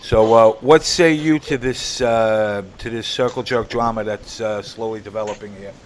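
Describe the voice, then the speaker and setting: A man hosting a live show and moderating an argument, calm and halting with many fillers. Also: lowish voice, a little hiss or hum. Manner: calm, halting, full of fillers, steering the talk. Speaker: host and moderator.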